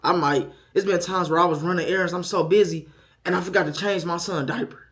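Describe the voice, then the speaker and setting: Speaking to camera as a first-time father, a young man is candid, frank and profane, shifting from quiet self-doubt to loud, animated storytelling. His voice is high and his pace brisk.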